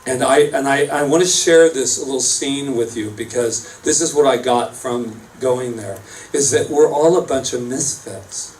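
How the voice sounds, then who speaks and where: A man's voice: medium pitch, measured pace, darkish tone. Guy minister rambling thru a sermon, jokey asides, kinda far from the mic. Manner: chatty, self-mocking, rambling asides. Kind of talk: casual storytelling sermon. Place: church service space. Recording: distant mic, faint room noise.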